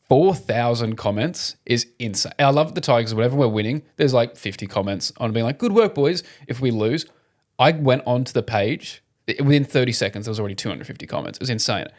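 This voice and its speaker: A young Australian man co-hosting a podcast, telling a story in an animated, casual way, swearing freely and laughing often. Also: medium pitch, brisk. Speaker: podcast co-host. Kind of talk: casual chat.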